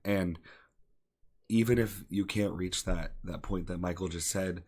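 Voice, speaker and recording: A young man with a very low, deep voice speaks earnestly on a podcast. He encourages his listeners and repeats phrases to drive his point home. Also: fairly even intonation, measured pace, darkish tone. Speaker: podcast co-host. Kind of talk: earnest casual talk.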